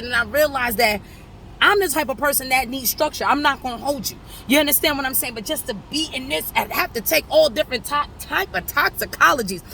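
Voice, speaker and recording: Bright-voiced New woman on the street. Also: sits high, vocal fry, slight background noise. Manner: animated, rambling, addresses viewers directly. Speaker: vlogger in addiction recovery. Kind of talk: casual talk to followers. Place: outdoors on a city street with traffic.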